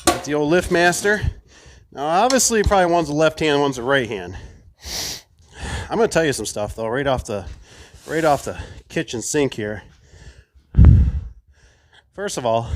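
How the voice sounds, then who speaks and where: A man's voice: fairly high pitch, lively intonation, normal speed, long pauses. A man who installs garage doors, chatting casually to viewers while unboxing an opener, enthusiastic and prone to rambling asides.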